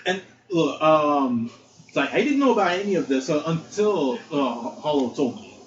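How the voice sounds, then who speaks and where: A young man co-hosting a podcast, chatting in a relaxed, rambling way with many fillers. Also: fairly high pitch, moderate pace. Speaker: podcast co-host. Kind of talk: casual chat. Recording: roomy, dull lo-fi mic with faint noise.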